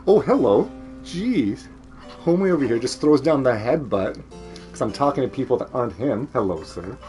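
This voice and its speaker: A man's voice: mid-range voice, animated, moderate pace, mellow, soft background music. A man with a Canadian accent chatting casually at home on a stream, rambling, laughing often and swearing freely. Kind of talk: casual chat.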